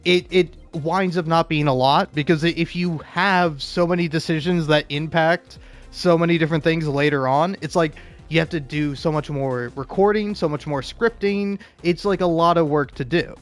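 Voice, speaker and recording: Profane rambling male gamer, higher voice. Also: fairly even intonation, moderate pace, faint music behind. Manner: rambling, profane, stammering restarts. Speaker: gaming video host. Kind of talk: casual ranting commentary over gameplay.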